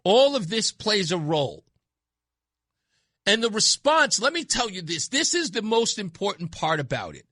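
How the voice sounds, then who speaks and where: A man's voice: high-pitched, very animated, moderate pace, bright, forceful tone, no room sound. A man hosting a talk radio show, speaking bluntly and emphatically into a studio microphone, repeating his points for effect. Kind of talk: opinionated talk radio monologue.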